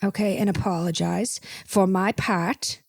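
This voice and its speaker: A woman's voice: medium pitch, fairly even intonation, unhurried, creaky, no echo. Woman, podcast host, rambling gossipy comedy chat, dry close sound, keeps asking okay. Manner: rambling and gossipy, tacking "okay?" onto her points.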